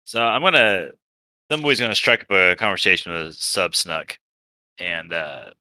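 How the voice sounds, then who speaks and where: Deep, bright-voiced male player, dry sound. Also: sing-song, normal speed, no echo. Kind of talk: casual tabletop play.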